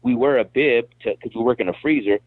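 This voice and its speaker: A man's voice: mid-range voice, fast, no echo. A man talking bluntly in a casual podcast chat, often repeating words as he starts a thought. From Mexican-American background. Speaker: guest. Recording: tinny phone-like line, dry.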